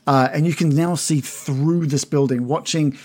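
Male game master, casual rambling scene narration, slightly high voice. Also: fairly even intonation, moderate pace, a little mellow. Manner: rambling descriptive narration with fillers.

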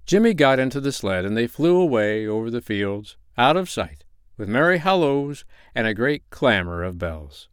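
Expressive man reading a storybook. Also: lowish voice, normal speed, clean tone, dry recording, clean studio sound. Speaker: narrator.

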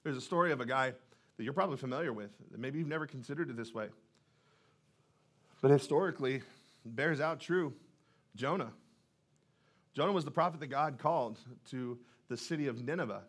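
A man's voice: mid-range voice, a little fast, long pauses. A male pastor preaching a sermon in a church, in a conversational way, often putting questions to the congregation.

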